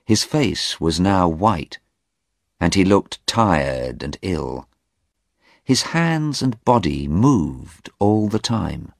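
A man reading an easy-English audiobook in a slow, deliberate scripted narration. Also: low voice, very animated, vocal fry, dry recording, clean studio sound.

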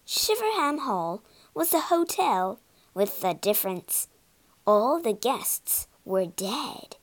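A woman narrating a storybook with an expressive, dramatic reading. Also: fairly high pitch, slow pace.

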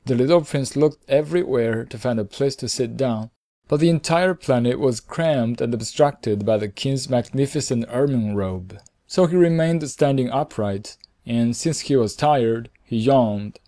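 Mellow-voiced man reading a storybook. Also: medium pitch, dry recording. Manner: calm, measured reading. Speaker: audiobook reader. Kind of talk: storybook narration.

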